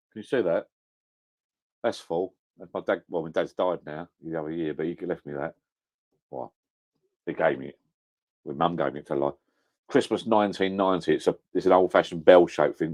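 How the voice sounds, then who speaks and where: This is a deep, darkish-toned voice belonging to a middle-aged man on a casual live stream. He rambles and corrects himself while at home next to a whiskey shelf, with a camera on a home setup doing the recording.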